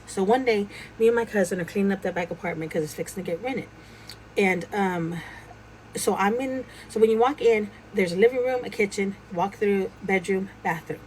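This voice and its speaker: A woman's voice: medium pitch, normal speed, a little hiss or hum, poor audio. A woman casually telling a true ghost story, acting out the dialogue as she goes. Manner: animated retelling, acting out quoted dialogue.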